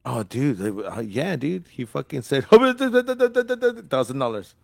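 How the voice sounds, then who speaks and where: A man co-hosting a casual chat, excitable and profane, laughing easily. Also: mid-range voice, normal speed, vocal fry, husky, no room sound, clean studio sound. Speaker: co-host.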